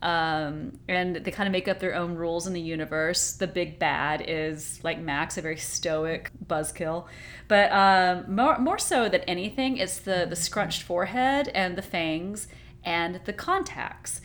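Woman co-host, casual movie recap, animated, laughs a lot. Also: on the low side, measured pace, slight background noise. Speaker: podcast co-host.

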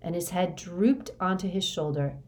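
A woman reading a novel aloud in quiet, even narration. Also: fairly low pitch, moderate pace. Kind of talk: audiobook narration.

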